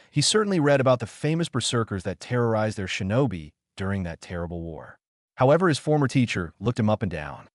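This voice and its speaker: A man with a low voice reads fan fiction in a steady storytelling manner. The recording is dry and close to the mic. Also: dry recording. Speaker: narrator.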